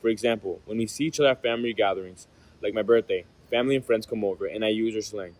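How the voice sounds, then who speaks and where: A young man from the United States reading a class presentation, steady, often trailing off quieter at the ends of phrases. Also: lowish voice, fast talker, poor audio. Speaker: student presenter.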